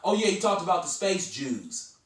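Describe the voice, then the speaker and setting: A man's voice: high voice, very animated, normal speed. A man, riffing in a preachy way. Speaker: host. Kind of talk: casual chat. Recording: echoey room, mic far off.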